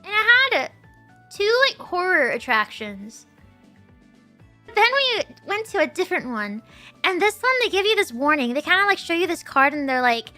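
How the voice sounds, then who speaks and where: A young woman telling a story casually to her stream, halting and restarting, laughing often. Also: sits high, big pitch swings, sharp tone, faint music behind.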